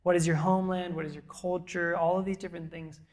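A woman pastor preaching a sermon to a congregation in a church, conversational and emphatic, with soft, quiet asides. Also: fairly low pitch, level tone, fast talker. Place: church auditorium before a congregation.

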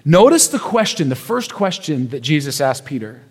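A man's voice: a little high, very animated, moderate pace, breathy edge, in a large hall. A male pastor preaching a sermon in a casual storytelling way, with repetitions and rhetorical questions.

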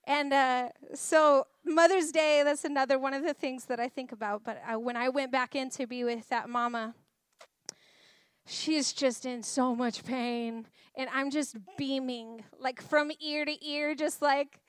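A woman in her thirties giving a chatty, animated personal testimony to a church crowd, laughing as she tells stories. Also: sits high, moderate pace, clear, resonant tone, no room sound, clean studio sound. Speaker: speaker at a church.

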